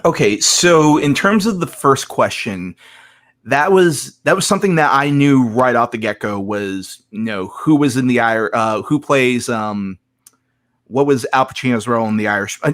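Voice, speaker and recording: A man speaking at a middling pitch, answering podcast questions in a casual way. He hesitates, restarts his sentences and fills the gaps with ums. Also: lively intonation, moderate pace, fairly bright tone. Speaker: podcast guest, competitor.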